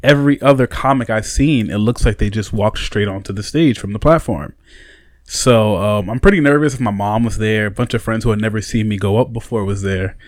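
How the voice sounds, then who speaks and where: Male comic, lowish voice, dry sound, laid-back chat. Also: fairly quick, no room sound. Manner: relaxed, chiming in with short replies. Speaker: stand-up comic. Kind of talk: casual chat.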